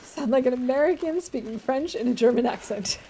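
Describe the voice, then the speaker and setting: A woman's voice: high voice, expressive, normal speed, warm tone, slight background noise. Chatty young woman streaming a game. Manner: chatty, laughs often, reacts to chat. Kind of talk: casual gameplay commentary.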